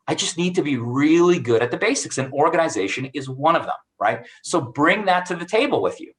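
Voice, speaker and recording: A man gives career advice in a bright, forceful voice, telling lively stories from his working life. He acts out the voices of the people in them as he goes. The recording comes from an online video call. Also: on the high side, a little fast, poor audio. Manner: animated, acts out quoted dialogue. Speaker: cybersecurity expert guest.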